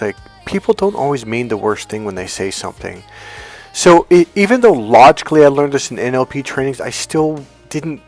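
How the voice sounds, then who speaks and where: A middle-aged man coaching on dating, telling a personal story. His pitch sits in an ordinary middle range, and he animates the tale by acting out what people said. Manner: animated storyteller, acts out quotes. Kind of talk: storytelling vlog.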